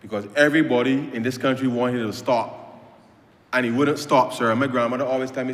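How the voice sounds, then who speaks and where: A man's voice: medium pitch, a little fast, fairly bright tone. A man with a Barbadian accent giving a speech in parliament, emphatic and repetitive, addressing the Speaker as "sir" nearly every phrase. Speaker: member of parliament. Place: legislative chamber. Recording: echoey chamber with long reverb.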